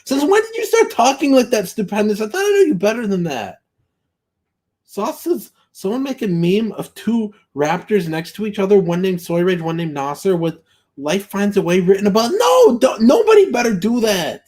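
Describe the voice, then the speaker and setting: Animated streamer, mock-outraged. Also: male voice, sits high, moderate pace. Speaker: streamer reacting to a recorded show. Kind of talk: casual live-stream commentary, reading super chats.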